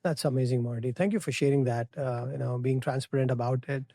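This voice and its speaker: A man's voice: medium pitch, fairly even intonation, fast, mellow, dry recording, clean studio sound. A middle-aged man with an Indian English accent, hosting a podcast interview and asking questions with many fillers and restarts. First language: Telugu. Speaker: podcast host. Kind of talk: casual interview.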